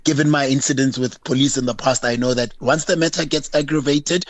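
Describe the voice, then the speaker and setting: A man's voice: mid-range voice, a little fast, dry recording. A South African man calling in to a radio show, animatedly recounting a roadside incident and acting out the exchanges. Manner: animated storyteller, acting out both sides of a dialogue. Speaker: caller.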